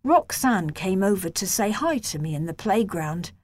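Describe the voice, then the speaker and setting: A woman reading a children's novel aloud in a gentle, measured first-person storytelling voice. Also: mid-range voice, lively intonation. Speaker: audiobook narrator.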